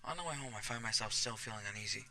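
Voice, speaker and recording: A man's voice: fairly low pitch, rapid-fire, sharp tone, rough recording. A man hosting a let's play, reading a visual novel aloud and adding casual, offhand comments.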